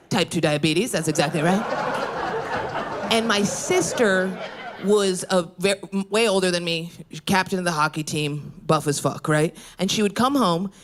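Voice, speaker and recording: A woman in her thirties doing a stand-up set, telling a profane story in a brash way and breaking into yelling rants. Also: medium pitch, background noise. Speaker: stand-up comedian. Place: comedy club stage. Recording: live club with loud crowd laughter. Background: audience laughing.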